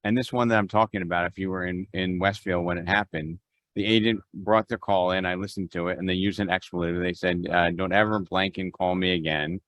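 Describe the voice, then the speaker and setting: A man's voice: sits low, steady tone, brisk, fairly bright tone. A man leading a real estate mastermind on a video call, talking conversationally with restarts and acted-out phone exchanges. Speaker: real estate team leader.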